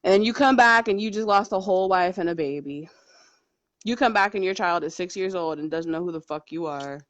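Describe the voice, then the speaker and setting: A woman's voice: lowish voice, brisk, no echo, muffled recording. A woman speaking as a guest in a casual podcast chat, making her points bluntly and with conviction.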